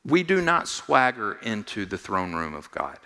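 A male pastor preaching in a big hall with a long ringing reverb. His voice sits fairly low but sounds bright and forceful. He moves from hushed asides to loud, soaring appeals, repeating lines and asking the congregation questions. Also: sing-song, a little slow. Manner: builds from quiet, low asides to loud, high-pitched exhortation; repeats phrases for emphasis, asks the congregation questions. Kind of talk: sermon.

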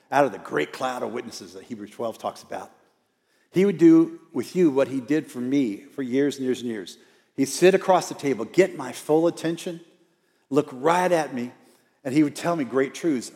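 A man's voice: mid-range voice, darkish tone. A man, an outreach minister, preaching a storytelling sermon in a church and coaxing the congregation to repeat lines back to him. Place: church sanctuary. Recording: church hall with long reverb.

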